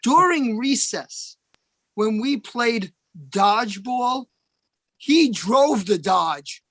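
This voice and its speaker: A man telling deadpan stand-up one-liners over a video call at an open mic. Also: extremely high pitch, extremely slow, no room sound.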